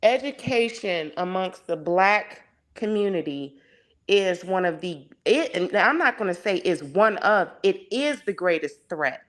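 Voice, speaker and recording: A woman's voice: medium pitch, lively intonation, measured pace, fairly bright tone. A woman as a guest in a casual discussion, speaking with passion and piling up rhetorical questions. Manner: impassioned, heavy on rhetorical questions.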